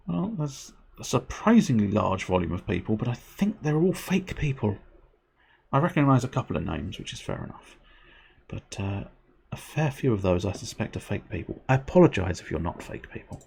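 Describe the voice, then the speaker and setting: A man's voice: fairly low pitch, big pitch swings, normal speed, creaky, darkish tone, slightly rough. A young man chatting casually to his stream audience, rambling, self-deprecating and swearing now and then. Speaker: livestreamer.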